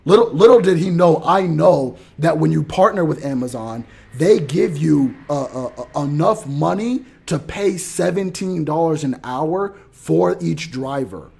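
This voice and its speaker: A man telling a story in an animated rant, acting out what people said and swinging between loud outbursts and mumbling asides. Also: a little high, a little slow, gravelly, hardly any pauses, husky. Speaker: motivational podcaster.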